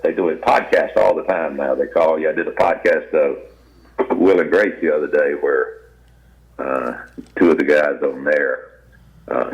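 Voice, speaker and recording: An older man with a Southern US accent, a guest actor telling folksy, rambling stories in an interview. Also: extremely low pitch. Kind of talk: storytelling interview. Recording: dull lo-fi radio audio.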